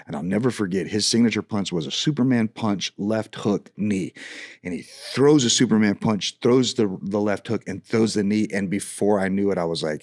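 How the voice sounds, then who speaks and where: Middle-aged guy, low voice, animated storyteller, acts out the dialogue, dead dry sound. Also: normal speed, dry recording. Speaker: worship leader guest. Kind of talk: casual storytelling conversation.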